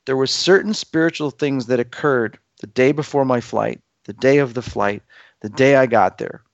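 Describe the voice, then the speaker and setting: A man in his fifties tells a story as a guest, lively and animated, slipping into the voices of the people in it. His pitch sits mid-range. The sound is dull and lo-fi, with no room echo at all. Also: moderate pace, gravelly. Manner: animated, acts out dialogue with his voice. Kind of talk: casual storytelling in conversation.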